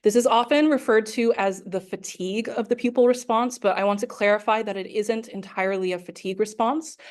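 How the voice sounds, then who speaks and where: A woman's voice: mid-range voice, steady tone, a little fast. Woman lecturing with frequent fillers. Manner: explanatory, frequent fillers and self-corrections. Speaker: workshop lecturer. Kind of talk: academic lecture.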